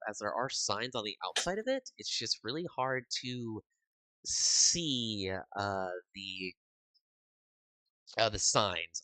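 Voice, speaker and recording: A man narrating as game master of a tabletop game, halting and filling pauses with uhs. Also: on the low side, sharp tone, dry recording. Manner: halting, full of uhs and restarts.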